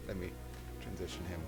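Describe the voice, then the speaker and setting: A man hosting a casual chat show over a video call, joking and rambling playfully. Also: sits low. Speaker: host.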